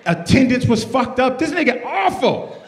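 Man in his fifties, lively stand-up. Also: very high voice, moderate pace. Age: 50s. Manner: loud, animated storytelling, swears freely. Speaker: stand-up comedian. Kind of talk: stand-up comedy set. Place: comedy stage before a live audience. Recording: roomy venue sound with faint audience.

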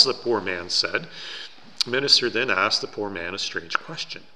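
A man preaching a sermon in a church, telling a story in an earnest, slow and deliberate way. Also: on the low side, expressive, pushed and bright, long reverb tail. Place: church sanctuary.

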